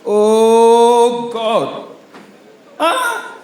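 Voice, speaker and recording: On stage, a Nigerian man performs stand-up comedy in Pidgin English, his high voice booming through the room in loud, punchy bursts of storytelling met by audience laughter. He's very animated but extremely slow, and the live hall adds a strong echo to every line.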